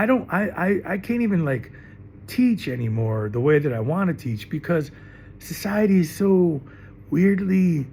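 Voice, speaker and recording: Emphatic, lively-voiced middle-aged man. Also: high-pitched, creaky, a little hiss or hum. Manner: emphatic, rambling, repeats himself. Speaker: teacher. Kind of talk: impassioned monologue to camera.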